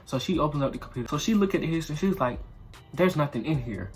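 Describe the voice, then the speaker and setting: A man's voice: on the high side, very fast. Male storytime vlogger, casual slangy delivery, swears freely, faint music bed. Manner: animated, swears freely, acts out quotes.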